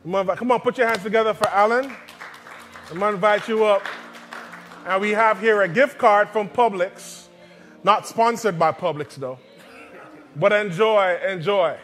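A pastor preaching in a church, leading the congregation in call-and-response and repeating phrases slowly. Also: male voice, high-pitched, fairly bright tone. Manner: slow, drawn-out delivery with repetitions. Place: church sanctuary.

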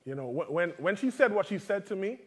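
A man with a fairly high voice preaches in a loose, conversational way. He tells stories from his own life and throws humorous asides to the congregation, then slows to read scripture aloud. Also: sing-song, husky. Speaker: father. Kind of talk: sermon.

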